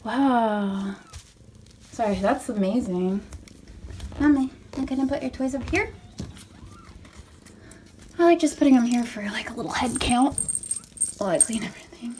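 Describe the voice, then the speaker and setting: A young woman with a high voice chats in a warm, casual way as she fusses over a mother cat and her kittens at home. She switches between sweet baby talk for the cats and easy asides for her viewers. A faint hiss of room noise and soft purring sit behind her. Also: normal speed, pauses often. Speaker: pet vlogger. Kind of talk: casual narration while handling kittens. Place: at home beside a cat bed.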